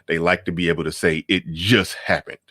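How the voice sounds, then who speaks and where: Deep-voiced man, loose commentary. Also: fairly even intonation, brisk, pushed and bright, slightly rough, no room sound, clean studio sound. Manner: conversational, repeats phrases, laughs between points. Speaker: live stream host. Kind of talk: casual live-stream commentary reading chat.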